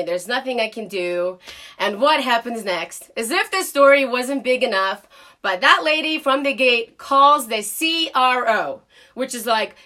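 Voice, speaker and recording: A woman vlogger retells a personal story in a casual, animated voice that sits high in her range. Her tone is bright and sharp-edged, and she speaks bluntly, dropping the odd swear word.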